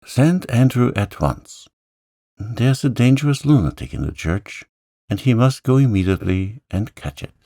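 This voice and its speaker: A man's voice: medium pitch, expressive, moderate pace, dark tone, no echo, studio quality, voice pushed up. A man voicing an anxious, pleading vicar's wife in a storybook. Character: shrill frightened vicar's wife.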